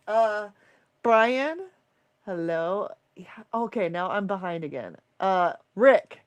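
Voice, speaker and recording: A tired woman hosting a livestream, reading out viewer comments in an excitable, emotional rush. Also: medium pitch, slow, dry recording. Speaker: livestream host and coach. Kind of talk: live-stream chat reading viewer comments.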